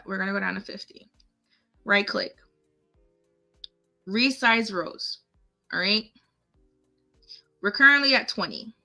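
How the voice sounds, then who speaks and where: A woman hosts a casual live craft lesson, thinking aloud and chatting with her viewers as she goes. Her voice is bright and her pace is unhurried. Faint music plays behind her. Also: fairly high pitch. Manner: chatty, talks to herself and viewers while clicking. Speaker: craft tutorial host. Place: home setup, live stream.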